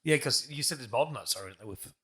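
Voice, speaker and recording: A man's voice: medium pitch, expressive, fast talker, bright, forceful tone. A young man, hosting a casual podcast chat, teasing his guest and laughing often. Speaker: podcast host.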